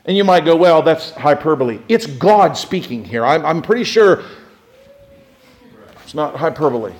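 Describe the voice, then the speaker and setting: High-voiced animated male preacher. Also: normal speed. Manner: animated preaching, swings from shouting to hushed; reads scripture aloud in a declaiming voice. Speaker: pastor. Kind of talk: sermon.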